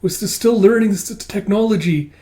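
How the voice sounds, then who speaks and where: A man's voice: sits high, brisk, warm tone, pitched above the performer's own voice, natural voice. Timid cloaked beast in a comic reading, stammering apology, slightly raised voice, voiced by a man. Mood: pleading. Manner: stammering, pleading.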